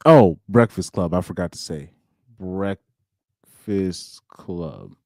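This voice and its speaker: A man's voice: sits low, animated, slow pace, a little mellow, no room sound, studio quality. A young man streaming alone, chatting casually in slang, rambling and laughing as he goes. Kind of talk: casual chat.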